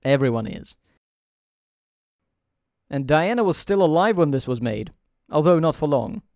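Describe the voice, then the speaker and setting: A man hosting a let's play with dry, sarcastic commentary. His voice sits fairly high. The recording is close and dry. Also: expressive, unhurried, vocal fry, a little mellow, dry recording. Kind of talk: gameplay commentary.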